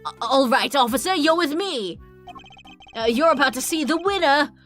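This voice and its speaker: A woman's voice: high voice, animated, normal speed, a bit bright, faint music behind, voice pushed up. A woman voicing a pompous, bumbling male prosecutor in a game, stammering with self-importance.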